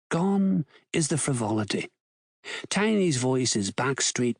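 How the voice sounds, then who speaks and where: An audiobook narrator reads scripted narration in a slow, measured, expressive way. His medium-pitched voice is slightly rough, recorded in a clean studio with no room sound.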